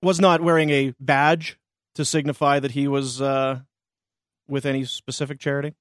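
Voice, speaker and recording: A man's voice: medium pitch, level tone, moderate pace, fairly bright tone, no echo. A man hosting a morning radio show, teasing his co-hosts with dry humor in casual banter. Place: radio studio.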